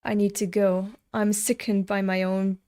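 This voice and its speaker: A woman voicing a gloomy, withdrawn young man who despises himself, speaking softly and in a subdued way. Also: mid-range voice, little pitch movement, a little slow, clear, resonant tone, close to an everyday voice. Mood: brooding.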